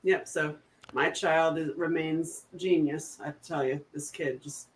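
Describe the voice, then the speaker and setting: A middle-aged woman chatting casually, telling animated stories and laughing often. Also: low-pitched, unhurried, slight background noise. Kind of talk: casual chat.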